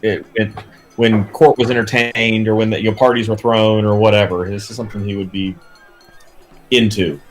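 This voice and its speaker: Give me a low-voiced man as a tabletop player, musing and halting. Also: level tone, faint music behind. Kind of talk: in-character table talk.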